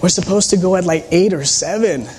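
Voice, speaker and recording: A man's voice: high voice, a little fast, a little mellow, slight background noise, voice pushed up, lightly acted. A man quoting his puzzled wife.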